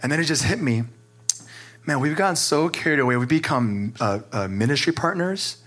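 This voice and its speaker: A man's voice: fairly high pitch, animated, a little fast, a bit bright. A man who is a pastor, sharing candidly and with emotion, filling his talk with "like". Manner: earnest, emotional, many "like" fillers.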